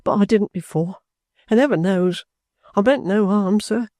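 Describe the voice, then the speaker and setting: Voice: mid-range voice, normal speed, mellow, dry recording, studio quality, voice pushed up, close to an everyday voice. A reader voicing a humble, earnest young man who stammers and keeps saying "sir" in a storybook reading. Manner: stammering, deferential, many "sir"s.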